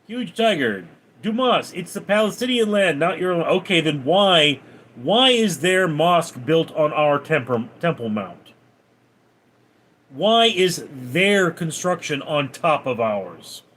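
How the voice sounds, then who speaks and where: A man's voice: fairly high pitch, sing-song, slow, fairly bright tone, a little hiss or hum. A man livestreaming, reading viewers' names and comments aloud, then answering them offhand. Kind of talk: reading out and answering live chat.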